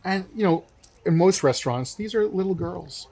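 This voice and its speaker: Animated young man telling a story. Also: high voice, moderate pace, breathy edge. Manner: animated storyteller acting out quotes. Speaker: co-host. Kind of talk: casual storytelling chat. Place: winery.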